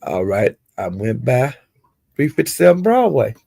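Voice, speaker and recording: A man giving a casual, rambling gossip recap of livestreams, with animated retelling and frequent asides. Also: mid-range voice, a little slow, vocal fry, husky, dry recording.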